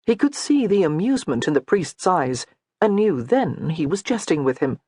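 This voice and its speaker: A woman narrating a historical novel in a measured, storytelling way. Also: sits low, big pitch swings, a little mellow, slightly rough, no room sound, studio quality. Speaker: audiobook narrator. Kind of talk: scripted narration.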